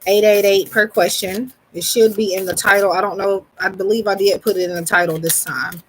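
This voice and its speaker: Woman doing a tarot reading live, loose and rambly, lots of ums, mid-pitched voice. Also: fairly quick, background noise. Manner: relaxed, rambling, frequent ums; greets viewers mid-reading. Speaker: tarot reader.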